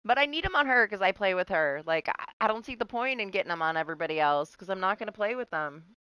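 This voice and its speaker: Bright-voiced exasperated woman streaming a game. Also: mid-range voice, lively intonation, fast, clean tone, no room sound, highs cut off. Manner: exasperated, laughing, swearing. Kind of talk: casual live game streaming.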